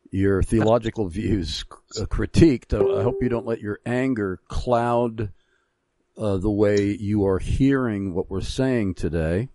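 Deep-voiced man hosting a Christian talk show. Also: darkish tone, no room sound. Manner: measured, halting, frequent pauses. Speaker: radio show host.

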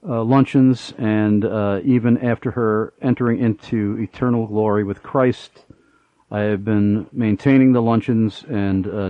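A man's voice: on the low side, no echo, highs cut off. A middle-aged man hosting a Christian radio talk show, speaking earnestly with many fillers.

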